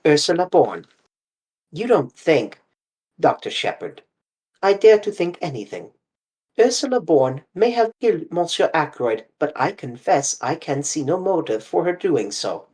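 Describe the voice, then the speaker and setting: A reader voicing a fussy, sharp-minded older male detective who asks precise, probing questions. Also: medium pitch, big pitch swings, unhurried, husky, pitched above the performer's own voice. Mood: insistent.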